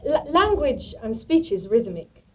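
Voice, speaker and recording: A woman with a British accent, a guest in a casual interview, explaining her views calmly and thoughtfully. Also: on the high side, measured pace, slight background noise. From Britain.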